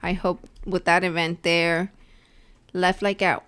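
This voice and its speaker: A woman's voice: on the low side, flat delivery, takes it slowly, a bit bright, clear, resonant tone. A young woman co-hosting a podcast, chatting casually and rambling through her week, dropping in Spanish phrases. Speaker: podcast co-host. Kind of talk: casual chat.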